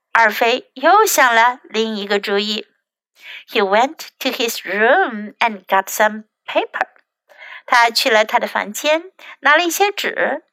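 A woman teacher reads a bilingual children's story in a slow, careful storybook style. Her voice sits a little high and bright, and the close, dry recording puts her right at the mic. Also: no echo. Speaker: English teacher.

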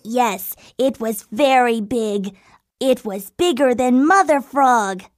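A curious, headstrong older boy frog in a children's storybook, voiced by a woman. He speaks slowly in a high, playful voice and keeps insisting on one more adventure. The sound is close and dry. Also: dry recording. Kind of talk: storybook acting.

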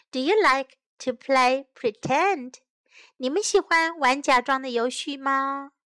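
Slow, bright-voiced woman storyteller. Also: sits high, no echo, clean studio sound. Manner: slow, gentle, clearly enunciated. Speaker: storyteller and English teacher for children. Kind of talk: bilingual storybook reading for children.

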